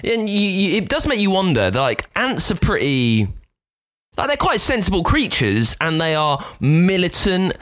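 A man co-hosting a podcast, telling stories in a casual chat with an animated, jumpy delivery. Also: sits high, moderate pace. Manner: animated, jumpy storytelling with lively swings. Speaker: podcast co-host.

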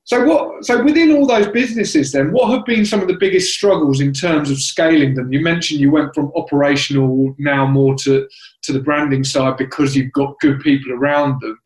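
A man's voice: a little high, normal speed. A man hosting an interview, asking encouraging questions one after another. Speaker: interview host. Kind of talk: casual interview. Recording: roomy echo.

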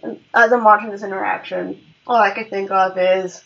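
A woman co-hosting a casual chat podcast, retelling a show in an expressive, playful way and swearing freely. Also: medium pitch, moderate pace, creaky, distant mic, lo-fi sound, background noise. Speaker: podcast co-host. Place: at home on a couch.

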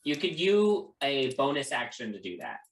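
A woman game master running a tabletop game and ruling on the players' actions. Her voice is extremely low for a woman. She hesitates often with ums and uhs as she decides. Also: very animated, moderate pace, rough recording.

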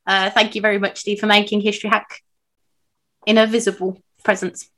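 Rambling, halting woman co-host. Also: medium pitch, level tone, fairly bright tone. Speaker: podcast co-host. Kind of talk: casual chat.

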